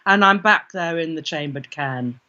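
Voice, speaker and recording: A woman's voice: low-pitched, lively intonation, normal speed, sharp tone. A British woman, an interview guest, telling a vivid first-person story and acting out her own inner voice. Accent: British English. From Britain. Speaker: guest, parapsychologist. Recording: dull lo-fi recording.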